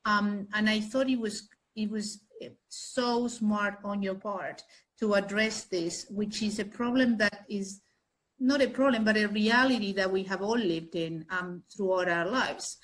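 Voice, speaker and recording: Woman from Argentina, interview guest, reflective and halting. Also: mid-range voice, a bit bright, low-quality recording. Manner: thoughtful, hesitant, many fillers and restarts. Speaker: guest, chamber of commerce chief executive. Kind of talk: interview answers.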